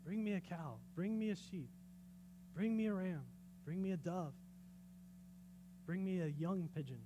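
Male preacher playing God, quiet, measured orders, high voice lowered a little. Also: background noise. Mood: commanding. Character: God as a calm male voice giving commands.

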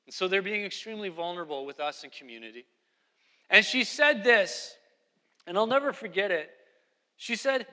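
A man's voice: sits high, expressive, moderate pace, pauses often, sharp tone, in a large hall. A man preaching a sermon as pastor, emphatic and repeating key phrases.

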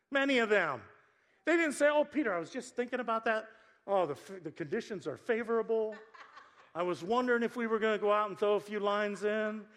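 Animated joking male pastor, high voice. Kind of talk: sermon. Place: church sanctuary.

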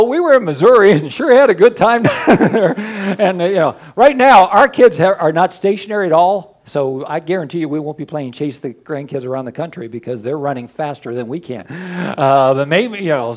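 A man with grandchildren, a pastor preaching in a folksy, rambling, joking way, with quiet prayers between the talk. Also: on the high side. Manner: folksy, rambling, jokey storytelling. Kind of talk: casual sermon with prayer.

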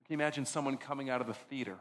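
With a steady tone, a man delivers an earnest sermon as pastor, slowing to stress points and going low and soft on the important lines. He then leads communion, and the recording is rough.

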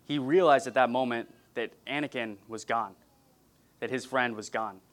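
Man preaching a measured, earnest sermon. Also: medium pitch. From California. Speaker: pastor.

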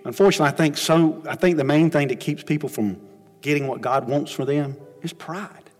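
Earnest pastor preaching in a reverberant church. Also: male voice, a little fast. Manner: earnest, rising to emphatic questions then dropping low. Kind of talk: sermon with altar call. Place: church sanctuary. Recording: long hall reverb. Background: music.

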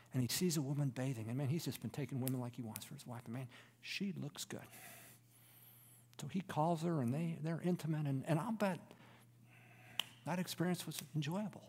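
A man preaching a sermon, reading scripture and explaining it, swinging between raised, emphatic lines and hushed, near-whispered asides. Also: on the high side, normal speed, pauses often, long reverb tail, slight background noise. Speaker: pastor.

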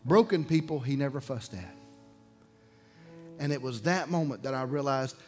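A male pastor from preaches a sermon in a mid-pitched voice, swinging from loud, raised bursts to hushed, low confessions. Soft guitar plays faintly behind him. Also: lively intonation, normal speed. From Alabama.

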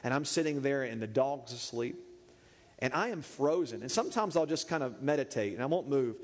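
A man preaching, telling a funny story in an animated, playful way. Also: mid-range voice, a little fast. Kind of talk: humorous sermon storytelling. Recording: echoey hall reverb.

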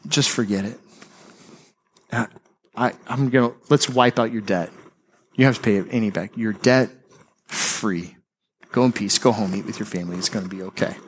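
A pastor voicing a kind, merciful king in a sermon story, speaking low and softly. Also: moderate pace, pauses often, breathy edge. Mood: gentle. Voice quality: low, soft and murmured. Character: gentle merciful old king, soft-spoken.

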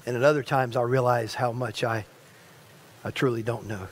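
A man's voice: mid-range voice, steady tone, moderate pace. A male pastor preaching a sermon. He speaks straight to the congregation and often repeats or restarts his phrases. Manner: stirring preacher who addresses the congregation directly.

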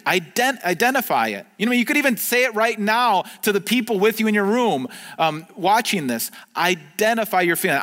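A pastor delivers an earnest, conversational sermon, stumbling through restarts and fillers as he goes. His voice sits a little high for a man, and a long reverb trails each phrase as if he were in a large hall. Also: expressive, moderate pace, a bit bright. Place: church video recorded during the pandemic.

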